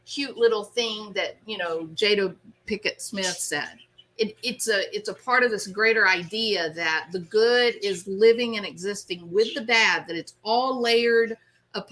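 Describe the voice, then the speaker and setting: A woman hosting a casual live stream, chatting with her viewers by name in an animated way and often laughing. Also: mid-range voice. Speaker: host.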